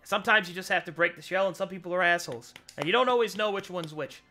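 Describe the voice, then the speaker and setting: A man's voice: high-pitched, fast talker, bright, forceful tone, faint music behind. A man in casual chat, ranting heatedly and swearing as he vents. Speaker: tabletop game player.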